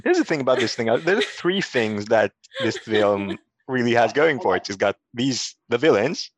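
A podcast co-host in casual movie-review chat, measured as they lay out their points. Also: mid-range voice, animated.

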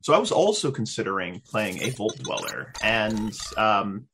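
A man's voice: lowish voice, sing-song, normal speed, background noise. A man chatting casually as a tabletop player, talking hesitantly with many ums and restarts. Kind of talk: casual chat.

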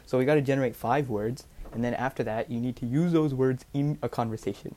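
A man's voice: mid-range voice, fast talker, dark tone. Teen boy, playful co-host, casual filler-laden chat, call mic. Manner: playful, teasing, filler-heavy.

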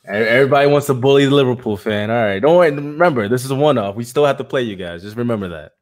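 A man chatting as a guest on a livestream, animated and joking, often tossing in the word "man.". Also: medium pitch, rapid-fire. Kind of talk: casual chat on a livestream.

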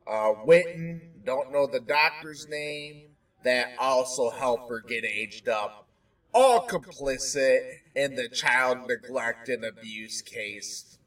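A man's voice: mid-range voice, takes it slowly, fairly bright tone, far from the mic. A man hosting a podcast, giving emotional, indignant, rambling casual commentary on a documentary. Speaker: podcast host reacting to a documentary.

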